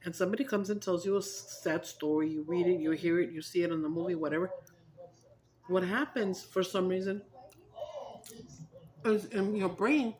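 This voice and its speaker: A woman's voice: on the low side, normal speed, pauses often, darkish tone, slight background noise. A woman chatting casually to her viewers as a vlogger, laughing often and mixing in Spanish. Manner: giggly, breaks into laughter, mixes Spanish into English. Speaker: mukbang vlogger.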